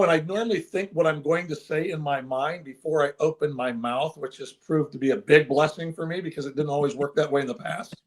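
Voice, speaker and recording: An older man, a former baseball manager, telling an emotional story in an interview with earnest, animated delivery. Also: a little high. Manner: earnest, animated, with frequent restarts.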